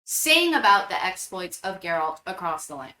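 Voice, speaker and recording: A woman with a bright, sharp voice jumps into a casual book club chat with eager interjections. Her voice has a roomy echo around it. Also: fairly low pitch, sing-song, moderate pace, a little hiss or hum. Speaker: book podcast co-host.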